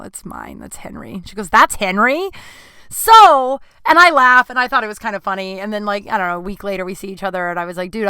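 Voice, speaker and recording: A woman's voice: lowish voice, a bit bright, clear, resonant tone, dry recording, clean studio sound. A woman in her thirties hosting a podcast, telling a rambling, candid story in casual chat and acting out the voices of people in it. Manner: candid, rambling, swears freely, acts out quotes. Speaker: podcast host.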